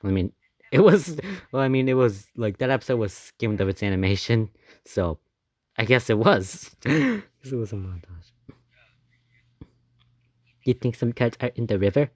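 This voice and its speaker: A man giving casual reaction commentary on his own old animation, excitable and rambling, often laughing and gasping between thoughts. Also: medium pitch, normal speed, pauses often, no room sound, studio quality. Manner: excitable and rambling, with many fillers, laughs and gasps.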